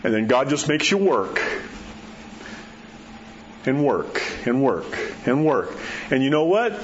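Man preacher, folksy storyteller, sinks to hushed tones for emphasis, a little muffled with faint room hum. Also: mid-range voice, sing-song, takes it slowly. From New Mexico. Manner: folksy storytelling, drops to a soft hush at key words. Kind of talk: sermon.

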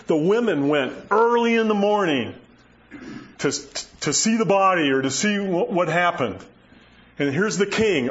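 A man's voice: fairly high pitch, muffled recording. A male pastor preaching a conversational sermon, often checking in with his listeners. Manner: folksy, asks listeners "right?" and "okay?".

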